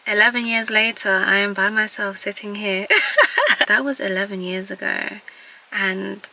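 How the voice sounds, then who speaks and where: A woman's voice: mid-range voice, expressive, measured pace, bright, forceful tone, poor audio. A woman in her twenties sharing earnest encouragement in a reflective vlog, holding back tears. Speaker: vlogger.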